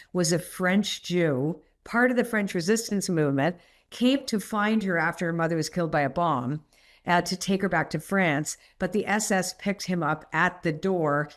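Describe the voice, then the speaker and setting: A middle-aged woman, a podcast guest, telling personal stories in a rambling, animated way and laughing often. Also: on the low side. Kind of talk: candid storytelling interview.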